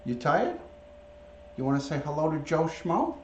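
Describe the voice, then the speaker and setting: This livestream host's voice runs a little high, swinging widely in pitch at a moderate pace as he baby-talks his pet and says hello to viewers by name. The stream audio is roomy, dull and lo-fi, very noisy, captured on a camera or device mic rather than a clip-on.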